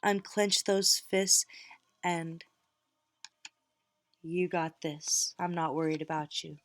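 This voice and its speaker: A woman's voice: on the low side, steady tone, slow pace, no echo. A middle-aged woman reading tarot cards, talking casually and encouragingly straight to her viewers. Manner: warm encouraging pep talk, direct address. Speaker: tarot reader.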